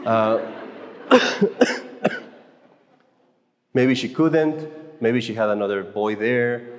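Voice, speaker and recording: A man's voice: mid-range voice, extremely slow. A man speaking at a conference for Catholic mothers, giving an informal faith talk in a conversational, joking way with frequent stammered restarts. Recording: echoey hall with long reverb.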